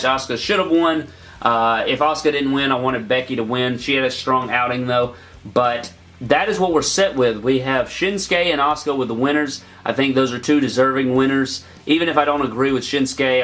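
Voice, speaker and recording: A man's voice: mid-range voice, fairly bright tone. A young man hosting his own channel, giving a casual, opinionated wrestling review with plenty of fillers.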